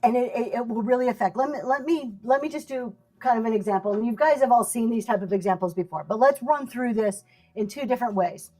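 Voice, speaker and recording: A woman's voice: a little high, fast talker, mellow, soft background music. Chatty woman teaching live selling. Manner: chatty, laughs often, talks to viewers by name. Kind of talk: casual livestream teaching.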